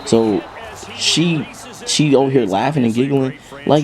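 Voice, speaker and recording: A young man from Kentucky hosting a gaming channel, telling a comic story in slangy, jokey, animated speech. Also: fairly high pitch, slow pace, creaky. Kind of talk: comic story time over gameplay.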